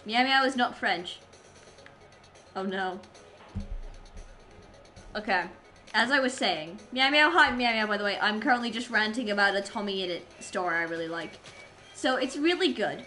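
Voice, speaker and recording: A woman's voice: mid-range voice, moderate pace, long pauses, pushed and bright, faint music behind. A young adult woman streamer chatting casually while gaming, rambling and silly as she goes. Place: home streaming setup.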